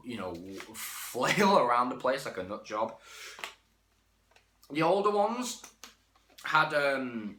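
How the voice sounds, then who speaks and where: Casual male toy reviewer; frank and self-correcting, lively delivery, roomy sound. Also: fairly low pitch, a little hiss or hum. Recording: echoey room.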